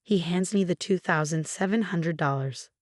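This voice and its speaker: A woman narrating a scripted first-person story, reading all the characters in one steady voice. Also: on the low side, moderate pace, no echo, studio quality.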